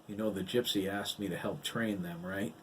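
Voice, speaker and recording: A man reading the part of a blunt, gruff older ex-Marine in an audiobook. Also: deep voice, fairly even intonation, moderate pace, slight background noise, natural voice, rough recording.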